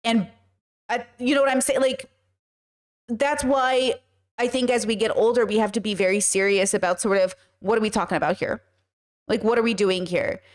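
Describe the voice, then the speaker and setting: A woman's voice: a little high, fairly even intonation, moderate pace. A woman hosting a casual commentary stream, blunt and emphatic and swearing freely. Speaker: podcast host.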